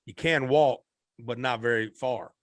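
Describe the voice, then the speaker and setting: A man's voice: mid-range voice, unhurried, dry recording. A man, a singer guest on a podcast, telling a story animatedly and acting out the people in it. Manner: animated, acts out quoted voices.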